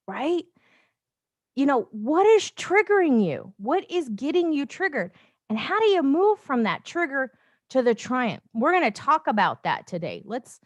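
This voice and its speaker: A woman hosting a casual livestream from her phone, chatty and rambling, with animated asides and frequent laughs. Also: fairly high pitch, dry recording, clean studio sound. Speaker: life coach livestream host. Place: home, with noise outside.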